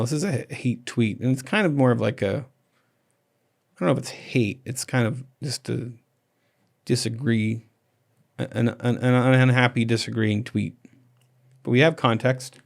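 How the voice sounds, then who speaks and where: A man's voice: mid-range voice, gravelly. Rambling man hosting a casual chat. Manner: rambling, many restarts and "like"s. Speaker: podcast host.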